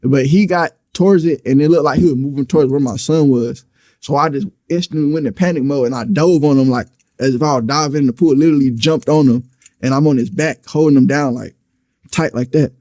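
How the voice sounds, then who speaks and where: Dark-voiced young man telling a story. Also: on the high side, fairly quick. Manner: blunt, profane, recounting events with acted quotes. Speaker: storyteller in an interview clip. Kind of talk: casual street storytelling.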